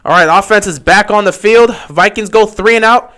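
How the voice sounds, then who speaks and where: A man giving excitable fan play-by-play commentary on a livestream, talking straight to his team. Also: high-pitched, moderate pace.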